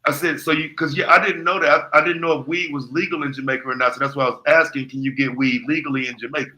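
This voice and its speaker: A man's voice: a little high, fairly even intonation, fast talker, sharp tone, rough recording. A man in a casual podcast chat, talking in slang and calling others bro. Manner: slangy, says bro a lot.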